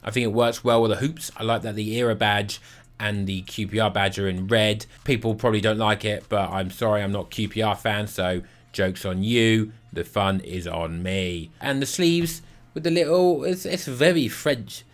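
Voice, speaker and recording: A man's voice: on the low side, moderate pace. A man casually reviewing football kits, blunt and sarcastic with lots of swearing. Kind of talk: casual rating vlog.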